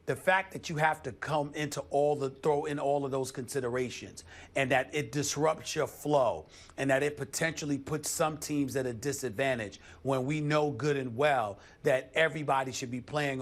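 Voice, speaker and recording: A man on a studio sports debate show, arguing emphatically and stacking up his points one by one. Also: medium pitch. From United States. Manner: emphatic, builds numbered points.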